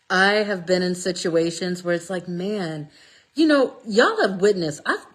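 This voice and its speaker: A woman telling a Bible story in a casual, lively way, often checking in with "okay?". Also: on the low side. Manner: lively, chatty, stresses words with "okay?". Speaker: speaker sharing a Bible passage. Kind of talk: casual storytelling talk about scripture.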